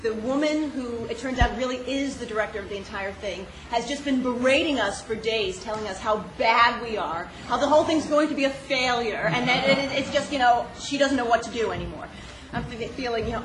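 A woman recounts a personal story with an animated, self-mocking delivery, laughing often and filling pauses with "um". Her voice sits fairly high. The recording is roomy and echoey, with steady noise behind her. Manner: animated, laughing, self-deprecating with many fillers. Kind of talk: personal story told on stage.

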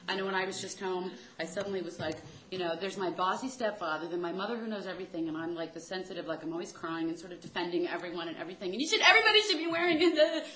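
A woman's voice: lowish voice, fairly even intonation, racing, hardly any pauses, echoey room, poor audio. A woman telling a rambling, self-deprecating comic story about her family in a chatty way.

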